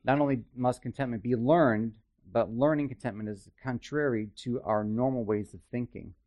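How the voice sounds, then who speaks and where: A man's voice: medium pitch, steady tone, normal speed, lo-fi sound. A man teaching a Bible study in a conversational way, with chatty, self-deprecating asides and frequent checks with his listeners.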